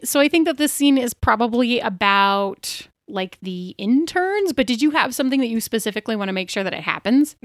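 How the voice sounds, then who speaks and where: A woman's voice: a little high, lively intonation, a little fast, hardly any pauses, no room sound, studio quality. A woman hosting and playing an improvised tabletop role-play game, chatting with giggles and hesitant restarts. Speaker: podcast host and player.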